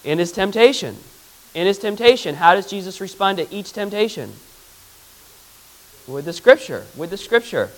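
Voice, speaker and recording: A man, a pastor, leads a Bible lesson in an easy, conversational way, often pausing to put questions to his congregation. His voice sits a touch higher than most men's. When he reads Scripture aloud, he slows right down. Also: big pitch swings, low-quality recording. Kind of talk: interactive Bible teaching.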